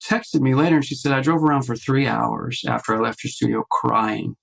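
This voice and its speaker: Brisk and mid-range with vocal fry, his voice comes through poor audio on a video call. He's an artist and podcast guest, telling a personal story in a relaxed chat as an animated storyteller who voices the characters and keeps restarting.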